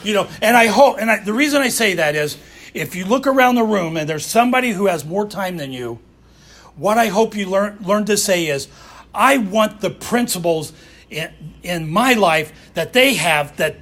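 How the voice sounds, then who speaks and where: A man's voice: sits high, lively intonation, moderate pace, a bit bright. A middle-aged man with a Southern US accent giving a raw, blunt personal talk about recovery, swearing freely. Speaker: recovery speaker.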